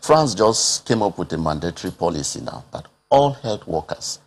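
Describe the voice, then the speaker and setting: A Nigerian man speaks as a health expert on a television panel, his voice low and husky. He presses his points with earnest rhetorical questions. He leans on "uh" fillers between his phrases. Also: big pitch swings, moderate pace. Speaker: public health expert guest. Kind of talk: TV panel discussion.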